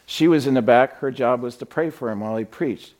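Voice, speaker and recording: A man's voice: medium pitch, fairly quick, darkish tone. A man preaching a sermon in a conversational, storytelling way, with frequent fillers. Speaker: pastor. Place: church sanctuary.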